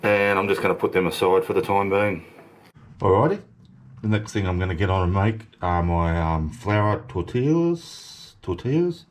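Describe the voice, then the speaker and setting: Low-voiced man hosting a relaxed cooking demo. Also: moderate pace. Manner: relaxed, chatty, talks through each step. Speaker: home cooking channel host. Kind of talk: casual cooking demonstration. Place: home kitchen.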